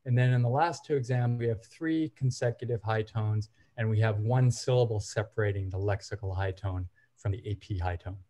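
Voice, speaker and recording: A man co-presenting an academic seminar, explaining examples in a measured, step-by-step way. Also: on the low side, warm tone.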